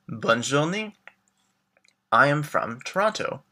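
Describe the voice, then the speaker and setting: A man with a bright, clear voice leads a beginner language lesson. He models each phrase slowly, glosses it plainly, and warmly prompts the listener to try it back. His pitch sits mid-range for a man. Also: expressive. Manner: clear, slow modeled pronunciation with English glosses; encouraging, prompts the learner to answer. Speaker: French teacher.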